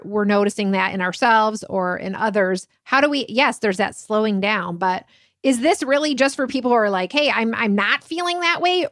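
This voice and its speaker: A woman's voice: fairly high pitch, fairly bright tone, no room sound, clean studio sound. A woman hosting a podcast, asking long, enthusiastic, rambling questions in a chatty way. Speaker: podcast host. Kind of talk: podcast interview talk.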